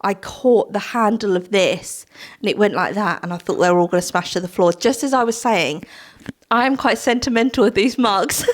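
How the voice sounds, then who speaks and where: A woman's voice: medium pitch, a little hiss or hum. A young woman chatting casually to camera at home, sentimental and laughing often. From Britain. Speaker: vlogger. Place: home, indoors.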